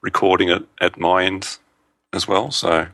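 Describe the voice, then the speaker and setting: Man, very deep voice, bright edge, dry teasing quips, podcast co-host. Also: little pitch movement, unhurried. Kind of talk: casual chat. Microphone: own home recording mic.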